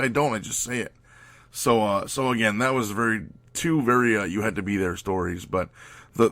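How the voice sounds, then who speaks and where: A man's voice: lowish voice, a bit bright, no room sound. A man hosting his podcast, telling rambling, profane stories packed with fillers. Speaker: podcast host. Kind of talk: casual storytelling.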